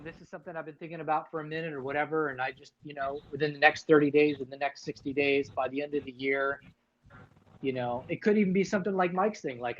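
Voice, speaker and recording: A man's voice: a little high, dull audio. A man hosting a casual livestream chat, talking loosely with many fillers and restarts. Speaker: livestream host.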